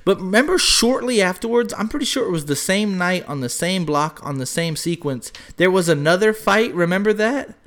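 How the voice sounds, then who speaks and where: A man's voice: high-pitched, expressive, moderate pace, hardly any pauses. A young man co-hosting a podcast, telling loose stories full of swearing. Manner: loose storytelling, heavy swearing, shouts when acting out quotes. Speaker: podcast co-host. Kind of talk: casual podcast chat.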